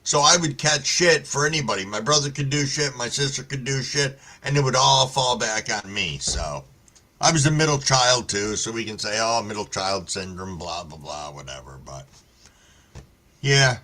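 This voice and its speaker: Bright and forceful at an ordinary middle pitch, this live-stream host talks at a moderate pace while reading chat. His casual stream is laid-back storytelling laced with heavy swearing, and he greets viewers by name.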